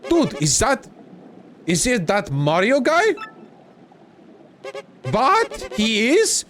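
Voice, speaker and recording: A man's voice: very slow, a little hiss or hum, exaggerated voice. A man voicing dopey young male enemy foot soldiers who talk in surfer-dude slang while he reads game dialogue aloud. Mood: bickering. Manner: squeaky, excitable, bickering.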